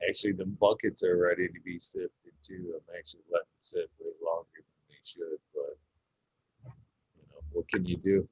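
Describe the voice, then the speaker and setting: A man's voice: low voice, flat delivery, moderate pace, husky, no room sound. A man hosting a casual chat, rambling and swearing with lots of fillers while he shows his grow room. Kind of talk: casual chat on a video call. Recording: dull lo-fi call audio.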